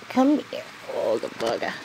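Lady doing slow cooey baby talk at puppies, noisy home vid. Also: medium pitch. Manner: cooing, sing-song, playful. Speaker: dog breeder filming puppies.

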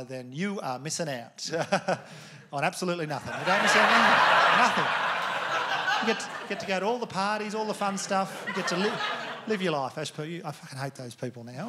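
A man's voice: a little high, heavy background noise. An Australian man in his thirties performing a stand-up comedy set, telling rambling stories full of swearing. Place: theatre stage with live audience.

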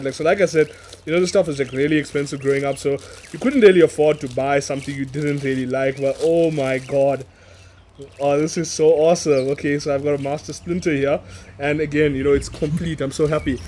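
A man in his thirties from Africa, gushing excitedly in a casual outdoor unboxing vlog, repeating words and laughing often. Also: a little high, slight background noise. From South Africa. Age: 30s. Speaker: toy reviewer. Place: outdoors in a yard.

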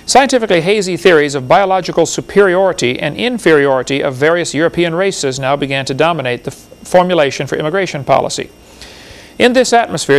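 A man giving a classroom lecture, reading book passages aloud in an impassioned, rambling way with a gravelly voice. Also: a little high.

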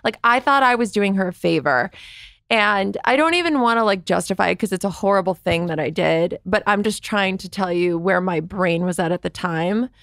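A woman's voice: mid-range voice, normal speed, a bit bright, no echo, clean studio sound. A woman guest on a podcast, telling candid stories in a chatty way, filling her speech with "like" and acting out what people said. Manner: chatty, fills speech with "like", acts out quoted voices. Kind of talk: candid storytelling.

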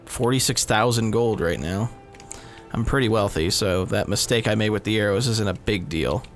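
Self-mocking gravelly-voiced gamer. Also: male voice, lowish voice, normal speed. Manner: rambling, self-mocking, swears often. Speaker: gaming video host. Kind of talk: casual let's-play commentary. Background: game sounds and music.

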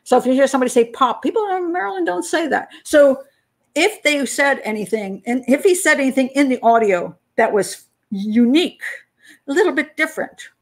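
A woman's voice: sits high, animated, fairly quick. An older American woman, a criminal profiler and channel host, chatting casually on a live stream, laughing often and answering viewer comments. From United States.

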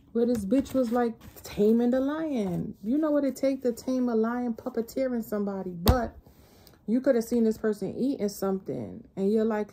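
A woman's voice: on the high side, dark tone, a little hiss or hum. A woman giving a casual spiritual tarot reading, talking bluntly and profanely in a loose, rambling way. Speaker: tarot reader.

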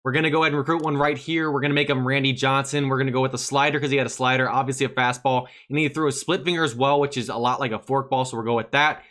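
A man casually narrating his mobile baseball game, talking to viewers and cheering loudly at big plays. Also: medium pitch, fairly even intonation, rapid-fire, hardly any pauses. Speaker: gaming channel host.

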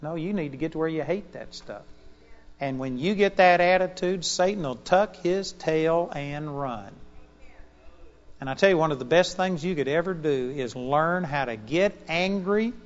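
A man with a high voice delivers a lively sermon, telling a personal story and chuckling as he goes. The recording is dull and lo-fi, and a long hall reverb trails his words. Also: normal speed. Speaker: preacher.

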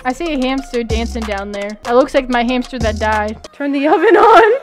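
A woman gaming streamer with a high, lively voice that swoops up and down as she reacts. She is excitable and giggly, breaking into yelps and shrieks as she talks over her headset mic. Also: normal speed, music in the background. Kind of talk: live game commentary.

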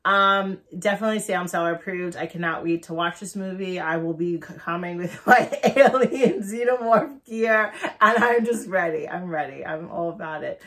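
A hoarse young woman who is a little sick, hosting a casual movie trailer reaction in an excitable, rambling way with many fillers. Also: lowish voice, normal speed.

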